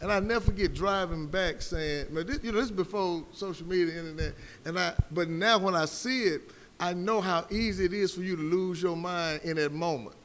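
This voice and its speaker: On a panel, this man's voice sits high and a bit bright, moving fairly quickly. He makes his case through stories with preacherly emphasis, heard through hall reverb over faint background noise.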